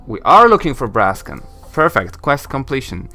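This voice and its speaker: A man's voice: medium pitch, very animated, normal speed, hardly any pauses, pushed and bright, faint music behind. A young man casually commentating a role-playing game and reading its dialogue aloud. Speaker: let's play host.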